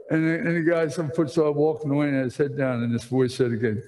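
A man preaching a sermon to a room of people, telling a story with many restarts and animated emphasis. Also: a little high, moderate pace, few pauses, big-room sound, poor audio. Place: large room with audience.

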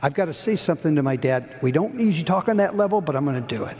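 A middle-aged man preaching a sermon, telling a story earnestly, rising high and dropping to a hush. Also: expressive, very fast. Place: church hall. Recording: long hall reverb.

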